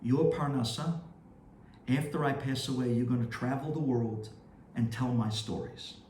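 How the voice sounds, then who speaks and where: A man voicing a revered old male rabbi who gives quiet, firm orders in a low voice. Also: normal speed, a little hiss or hum, natural voice. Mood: commanding. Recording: roomy echo.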